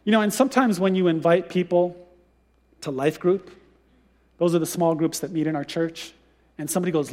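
A pastor with a high, light voice delivers a sermon, telling the story in a lively, conversational manner. His voice rings out with a long reverb, as in a large church sanctuary. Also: a little fast, long pauses. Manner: storytelling, animated retelling with conversational asides.

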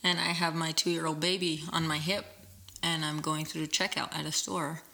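A woman's voice: sits low, moderate pace, creaky. A woman in her thirties telling stories in casual chat, acting out the voices of people in them. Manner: animated storyteller, acts out voices in anecdotes.

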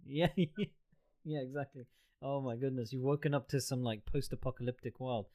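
A man's voice: mid-range voice, steady tone, dark tone. Chatty man hosting a podcast. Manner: chatty, rambling, quick to joke. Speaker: podcast host. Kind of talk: casual chat. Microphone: video call.

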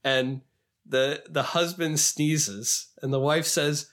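A man co-hosting a podcast in casual chat, animated and sometimes quoting clips in a higher put-on voice. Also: unhurried. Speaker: podcast co-host.

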